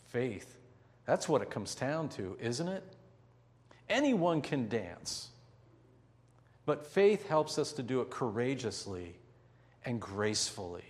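A man preaching a sermon as pastor, telling a story vividly and slowing down to stress key points. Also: medium pitch, sing-song, in a large hall. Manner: vivid storytelling with slow, drawn-out emphasis.

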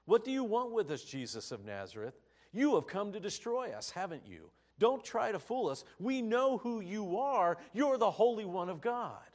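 Defiant demon cries out high and loud , voiced by a man preaching, shrill. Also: sing-song, moderate pace. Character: defiant frightened demon spirit, male, many voices.

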